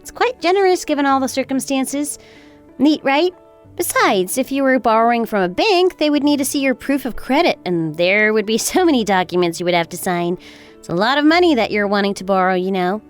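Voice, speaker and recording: A woman voices a daughter-in-law in a texting-story drama: a cool, calculating young wife getting even, sweetly polite yet cutting, with a sweetly businesslike mood. Her voice is fairly high, expressive, a little fast and natural, over faint background music.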